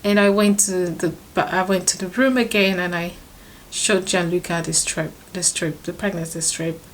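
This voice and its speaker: A woman's voice: on the low side, steady tone, moderate pace, slight background noise. A young woman vlogger telling a personal story to camera, emotional and laughing often, restarting her sentences as she goes. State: pregnant, third trimester.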